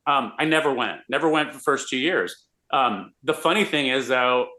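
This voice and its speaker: A man, a radio host, telling an animated story in a casual interview. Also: medium pitch, normal speed. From Austin, Texas. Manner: animated, excitable storyteller with many restarts.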